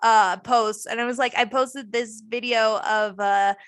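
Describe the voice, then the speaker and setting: A woman chats casually as host, her voice bright and sharp. She sits a little above the usual pitch and tells her stories with lively quoting. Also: unhurried, smooth. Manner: animated storytelling, acts out quotes. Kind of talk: casual chat.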